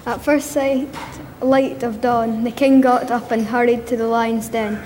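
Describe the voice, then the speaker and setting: A woman reading a Bible passage aloud in church, in a steady reading voice with a few slips. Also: a little high, unhurried. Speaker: scripture reader. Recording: echoey church with room noise.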